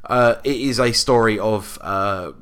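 A man's voice: on the low side, unhurried, a bit bright, smooth. A man co-hosting a casual film chat, making dry asides and hesitating with frequent fillers. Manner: dry, wry asides, hesitant with many uhs. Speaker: podcast co-host.

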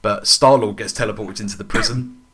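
A man's voice: on the low side, steady tone, a little fast, sharp tone, husky. A young man chatting enthusiastically about comics, rambling with lots of fillers and restarts. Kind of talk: casual chat about comics.

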